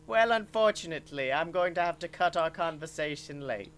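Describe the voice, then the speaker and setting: Comic's put-on evil scientist, pompous, slow villain speeches. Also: mid-range voice, expressive, a bit bright, natural voice. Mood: grandiose. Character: evil scientist man doing a Herzog-style voice, grandiose villain. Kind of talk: comic storytelling.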